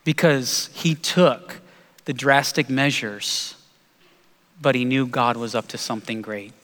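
A man preaching a sermon as pastor, telling a story earnestly and slowing down for emphasis. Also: mid-range voice, steady tone, fairly bright tone. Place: church sanctuary. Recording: long hall reverb.

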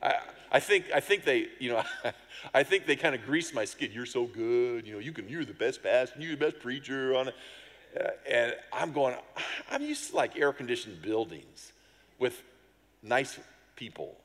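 A middle-aged male pastor tells a story from the pulpit with a lively, swooping delivery. He acts out other people's voices and sounds, and pokes fun at himself. His voice carries a long reverb from a large hall. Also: medium pitch, normal speed. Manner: animated storyteller, acts out voices and sounds, self-deprecating humor. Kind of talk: sermon with a personal story.

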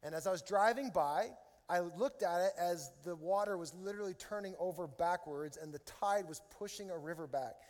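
Animated high-voiced pastor preaching in a hall. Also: male voice, moderate pace. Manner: animated storytelling, rising to loud emotional peaks. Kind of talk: sermon. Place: large church hall with live audience. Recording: reverberant hall with soft music behind.

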